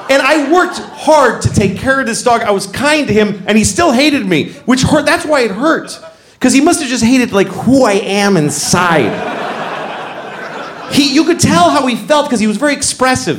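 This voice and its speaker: Animated stand-up comic, high lively voice. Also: male voice, normal speed. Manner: animated storytelling, acts out voices with loud bursts. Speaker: stand-up comedian. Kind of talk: stand-up comedy set. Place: live comedy stage. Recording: echoey venue with audience noise.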